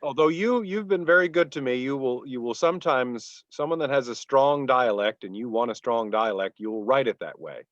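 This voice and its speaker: A man's voice: medium pitch, moderate pace, hardly any pauses, fairly bright tone, no room sound. Chuckling man, dull dry sound. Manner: self-deprecating, chuckling storyteller. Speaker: audiobook narrator and actor, co-host. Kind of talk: casual podcast chat.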